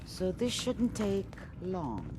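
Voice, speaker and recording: Low-voiced clinical game scientist. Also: female voice, takes it slowly. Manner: calm, clinical, instructive. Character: calm woman scientist running a memory transfer. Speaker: game character.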